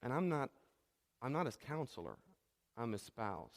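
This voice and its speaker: A man's voice: mid-range voice, very animated, moderate pace, long reverb tail. A middle-aged man preaching a sermon as a pastor, talking conversationally and repeating key phrases.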